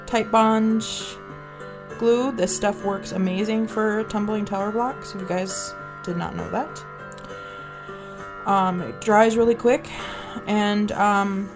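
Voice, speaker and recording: Unhurried woman crafter over guitar music. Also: mid-range voice. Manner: chatty, with many fillers. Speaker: craft channel host. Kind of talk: casual craft tutorial.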